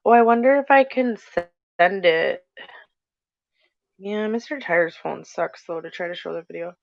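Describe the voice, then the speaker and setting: A woman from North Dakota co-hosting a casual livestream chat, talking in quick bursts. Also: medium pitch, vocal fry, no echo. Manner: chatty, talks fast in bursts. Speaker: co-host. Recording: dull lo-fi stream audio.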